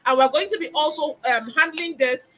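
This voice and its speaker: A woman's voice: sits high, brisk, slight background noise, low-quality recording. A middle-aged woman teaching a parenting webinar, emphatic, repeating key phrases and asking rhetorical questions. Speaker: parenting coach.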